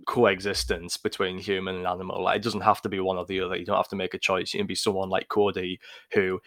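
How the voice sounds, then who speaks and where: A man's voice: on the low side, a bit bright, no echo, studio quality. A man co-hosting a film podcast, laying out long analytical arguments in casual discussion. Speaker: podcast co-host.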